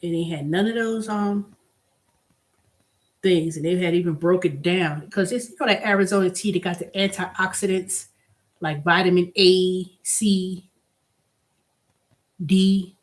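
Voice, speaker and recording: A woman's voice: on the low side, steady tone, unhurried, long pauses. Blunt, emphatic woman vlogger ranting. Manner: blunt, emphatic, swinging from exasperated to delighted. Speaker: vlog host. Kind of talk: casual solo rant.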